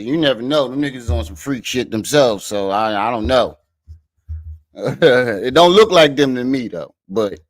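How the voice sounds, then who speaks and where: This man's medium-pitched voice is recorded dry as he hosts a casual living-room livestream. He chats with viewers, curses without restraint, and laughs at himself over the comments in a laid-back way.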